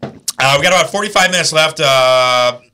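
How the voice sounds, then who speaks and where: A man's voice: fairly high pitch, bright, forceful tone, soft background music. A man hosting a casual comedy talk show, teasing a caller and laughing often. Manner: joking, teasing, quick to laugh. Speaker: show host.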